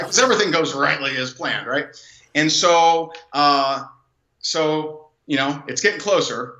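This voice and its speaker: A man telling a personal story as an interview guest, animated and rambling, with many fillers and restarts. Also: fairly high pitch, unhurried. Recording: dull, echoey room sound.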